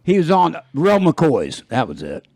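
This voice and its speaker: Rambling gravelly man in his fifties. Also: on the high side, huge pitch swings, a little slow, darkish tone. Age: 50s. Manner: rambling, jokey, laughs at own jokes. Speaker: podcast host. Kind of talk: casual chat.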